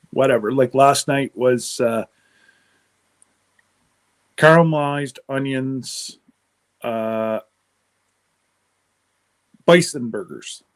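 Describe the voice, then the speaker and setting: Male livestream host from Canada; unhurried, rambling chat with viewers, mid-range voice. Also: mid-range voice. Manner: rambling, answers live chat comments aloud.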